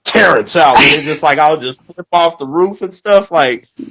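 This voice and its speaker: Animated storytelling man. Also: fairly high pitch, normal speed, poor audio. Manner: animated storyteller, acts out quotes loudly. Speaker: co-host. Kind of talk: casual chat.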